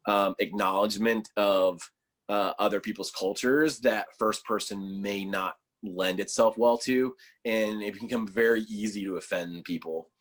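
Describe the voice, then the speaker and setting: A man's voice: on the low side, fairly even intonation, moderate pace. A man talking as a guest on a casual podcast, telling stories loosely with lots of fillers and a sarcastic sense of humor. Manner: loose storytelling full of fillers.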